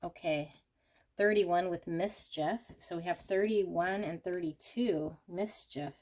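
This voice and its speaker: A woman's voice: lowish voice, takes it slowly, a little mellow. A woman hosting a pick-a-card tarot reading, talking in a gushing, exclamatory way as she turns the cards. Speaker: tarot reader.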